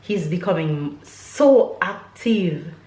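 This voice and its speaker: A woman's voice: fairly low pitch, expressive, slow, mellow. A young woman from Jamaica chatting casually to her vlog viewers and cooing at her baby. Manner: chatty, laughs often, coos at her baby. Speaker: vlogger. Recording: roomy echo, faint background noise.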